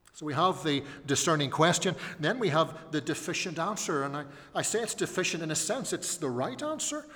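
A man's voice: on the high side, a bit bright. A man preaching a sermon, earnest and emphatic, rising on his key phrases. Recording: long hall reverb.

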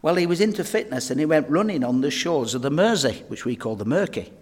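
Preacher in a reverberant hall. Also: male voice, on the high side, animated, quick pace, a little mellow. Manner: earnest, humorous anecdotes, addresses folks directly. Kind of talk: sermon with storytelling. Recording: long reverb of a church hall.

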